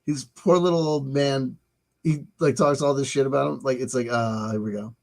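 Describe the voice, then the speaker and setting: A man's voice: mid-range voice, fairly even intonation, moderate pace, darkish tone, low-quality recording. A man hosting a casual live stream, musing aloud, rambling and swearing as he decides what to show next.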